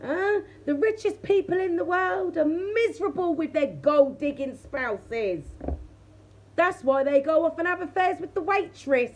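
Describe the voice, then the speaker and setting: Chatty woman tarot reader, high voice. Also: animated, measured pace, a little hiss or hum. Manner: chatty, laughs often, addresses viewers directly. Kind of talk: casual tarot reading chat.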